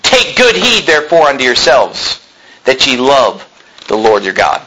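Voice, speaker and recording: A middle-aged man preaching a sermon, reading scripture aloud and swinging between loud emphatic peaks and low asides. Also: wildly swooping pitch, unhurried, slight background noise, rough recording. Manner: reads scripture aloud in King James wording. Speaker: pastor.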